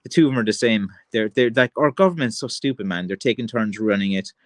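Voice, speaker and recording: A man with an Irish accent hosting a livestream, ranting in a rambling, excitable way, full of "like" and "you know" and calling people "man" and "lads". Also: on the low side, fast, dry recording. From Ireland. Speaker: livestream host. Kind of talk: casual rant on a livestream.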